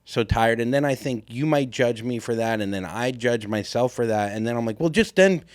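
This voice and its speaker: A man's voice: mid-range voice, steady tone, a little fast, a little mellow, no echo, clean studio sound. A man co-hosting a podcast, talking candidly in casual chat. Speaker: podcast co-host.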